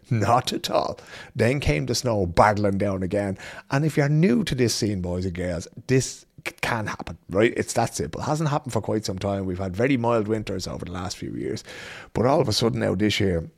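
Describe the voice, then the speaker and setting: A man's voice: lowish voice, moderate pace, vocal fry. A man with an Irish accent hosting a podcast from a small home studio, talking in a chatty, colloquial, rambling way. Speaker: podcast host. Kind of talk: casual podcast monologue.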